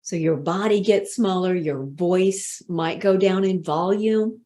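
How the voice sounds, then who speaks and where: A woman speaking coach leading a workshop, calmly guiding listeners through pauses and breathing. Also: lowish voice. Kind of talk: workshop talk. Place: online session, speaking to camera.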